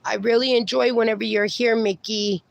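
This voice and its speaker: A woman livestreaming in a casual, chatty way, talking to her dogs and to her viewers, her voice going hoarse. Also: on the high side, fairly even intonation, normal speed, dry recording, highs cut off. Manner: chatty, talks to her dogs and reads viewer comments aloud.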